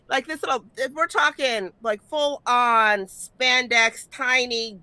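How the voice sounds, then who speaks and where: A woman in her forties, the podcast host, telling casual stories in an animated, profane way with stumbling repetitions. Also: high voice, no room sound. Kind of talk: casual storytelling chat.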